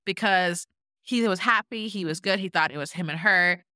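A woman's voice: fairly low pitch, moderate pace, no echo, clean studio sound. A young woman co-hosting a podcast, telling a reality-show story in casual chat and acting out what people said. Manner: animated storytelling, acting out quotes with lots of "like". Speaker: podcast co-host.

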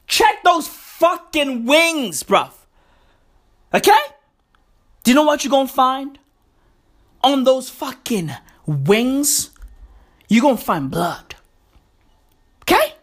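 Animated South African woman ranting. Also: high-pitched. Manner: heavy swearing, slangy, mocking, emphatic repetition. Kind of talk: profane comic rant.

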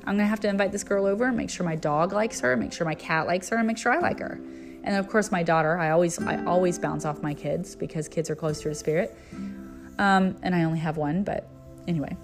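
A middle-aged woman hosting a spiritual message, telling a personal story and then preaching in an earnest, storytelling way. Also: medium pitch. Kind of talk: inspirational spiritual talk.

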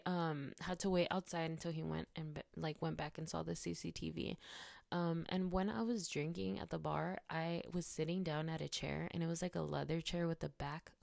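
A woman's voice: lowish voice, creaky, no room sound, clean studio sound. A young woman podcast host telling a story casually, blunt and upset, swearing heavily and filling her talk with "like". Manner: filler-heavy talk with many likes.

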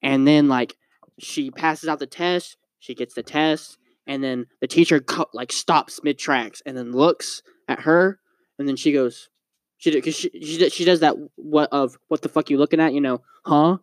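A man's voice: on the high side, a little slow, no room sound. A young man co-hosting a podcast, telling a story with lots of swearing and acted-out quotes in casual chat. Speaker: podcast co-host.

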